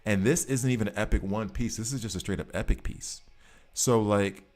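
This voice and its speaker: Low-voiced man rambling to his stream chat. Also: brisk, darkish tone, faint music behind. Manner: rambling, self-correcting, chats directly with viewers. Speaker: gaming streamer. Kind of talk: casual live-stream chat.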